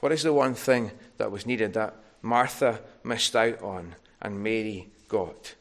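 A man's voice: on the low side, unhurried. A man preaching a sermon, earnest and tender, building to emphatic peaks.

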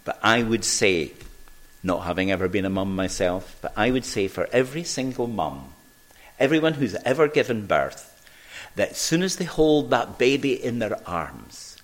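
A man preaching a sermon at a church service, earnest and measured, reading scripture aloud. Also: fairly low pitch, sing-song.

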